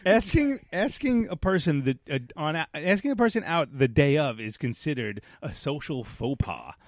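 A man's voice: fairly high pitch, big pitch swings, moderate pace, dry recording, clean studio sound. Blunt man in a casual podcast chat. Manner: blunt, crude asides. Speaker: podcast co-host.

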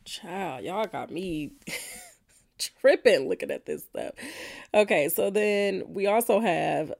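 A woman's voice: fairly low pitch, sing-song, takes it slowly, creaky, a little mellow. A woman hosting a podcast, reacting bluntly and profanely to listener answers, often laughing. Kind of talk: casual reaction chat.

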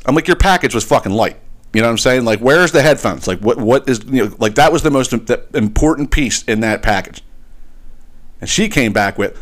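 A man's voice: on the low side, fairly quick. A man hosting a podcast, telling a long exasperated story in a casual, profane ranting way. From eastern Pennsylvania. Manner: profane, exasperated, animated retelling. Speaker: podcast host.

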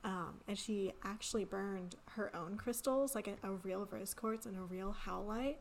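Young female co-host, gravelly fry, loose rambling chat, faint room noise. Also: medium pitch, moderate pace. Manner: chatty, lots of "like" fillers. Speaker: podcast co-host. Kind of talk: casual chat.

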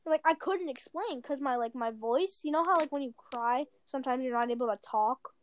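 A woman with a notably high voice tells a meandering personal story. She chats casually, stacking "like" fillers and correcting herself as she goes. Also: a little fast. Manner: chatty, rambling, lots of "like" fillers and self-corrections. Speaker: storyteller guest. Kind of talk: casual chat, rambling storytelling.

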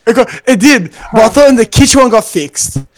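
A young man on a casual podcast call from his garage, swearing a lot and protesting loudly when teased. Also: very high voice, lively intonation, quick pace, dry recording, rough recording. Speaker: podcast co-host. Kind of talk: casual chat.

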